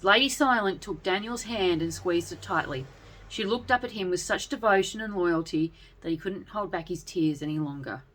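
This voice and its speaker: A woman reading a serialized story aloud with an expressive delivery. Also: on the low side, moderate pace. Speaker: narrator. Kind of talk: storybook narration.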